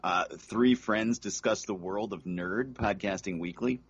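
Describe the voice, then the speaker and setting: A man's voice: on the low side, measured pace, lo-fi sound, a little hiss or hum. A middle-aged man guesting on a podcast, joking in a dry, self-mocking way. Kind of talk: casual chat.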